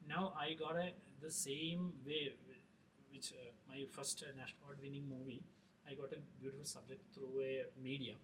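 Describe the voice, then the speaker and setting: A middle-aged man, a film director talking in an interview, halting with many fillers and restarts. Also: medium pitch, fairly even intonation. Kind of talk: casual interview talk. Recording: distant mic with faint noise.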